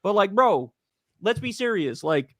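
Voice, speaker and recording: A high-voiced man rants through a casual podcast chat, swearing hard and hammering his points as a political commentator. His voice is close and dry, with no room around it. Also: very animated, unhurried, fairly bright tone, no echo. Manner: profane, ranting, emphatic.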